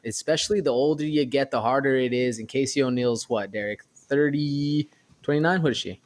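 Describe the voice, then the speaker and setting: A man's voice: medium pitch, fairly quick. A man co-hosting a sports podcast, chatting casually about an upcoming fight and sometimes fumbling over his words. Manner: casual, stumbles over words now and then. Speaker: podcast co-host.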